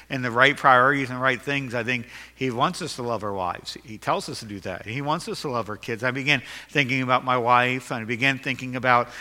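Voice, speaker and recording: Man pastor preaching, emphatic, bright piercing voice, long hall reverb. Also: mid-range voice. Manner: earnest, emphatic preaching with self-deprecating jokes. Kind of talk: sermon.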